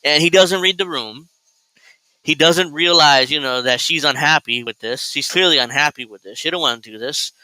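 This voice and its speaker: A male host rambling through sarcastic, crude political reaction commentary. His voice is very bright and crisply clear, sitting a bit high for a man. The sound is dry and close. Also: moderate pace, no room sound, rough recording.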